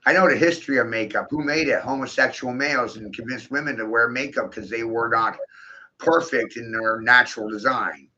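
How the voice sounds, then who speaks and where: A man's voice: mid-range voice, a little fast, bright, forceful tone, muffled recording. A man delivering a rambling, profane monologue, breaking into laughter often and talking with intensity. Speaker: video host.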